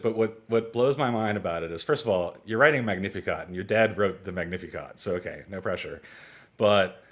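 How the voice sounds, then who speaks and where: In a relaxed lecture for a small online class, a fortyish man teaches music theory, drifting into stories and playing out little exchanges. He chats freely with quick asides and laughter, his pitch jumping lively as he acts out dialogue.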